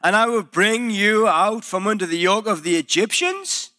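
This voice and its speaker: A male pastor preaching a sermon in a church, telling the story in a lively way and acting out the quoted voices. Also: high voice, normal speed.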